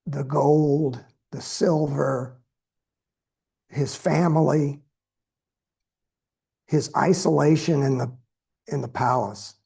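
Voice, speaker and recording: A man giving a dharma talk as a Buddhist teacher, telling a story in a slow, measured way with pauses. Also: a little high, creaky, mellow, breathy edge.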